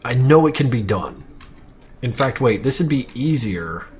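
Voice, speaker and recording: A man's voice: medium pitch, very animated, unhurried, a little mellow, a little hiss or hum. Rambling, cussing young man streaming. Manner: rambling, profane, self-mocking. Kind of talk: casual livestream chat.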